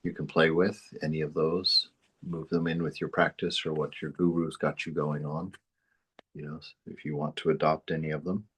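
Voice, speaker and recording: Husky, very deep-voiced male spiritual teacher. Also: flat delivery, moderate pace, fairly bright tone. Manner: chuckles often, rambling anecdotes. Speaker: spiritual study group teacher.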